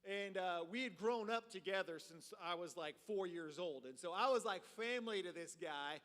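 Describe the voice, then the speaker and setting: A man preaching a storytelling sermon in a church, animated and full of filler words. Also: high voice, moderate pace. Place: church sanctuary. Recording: reverberant hall.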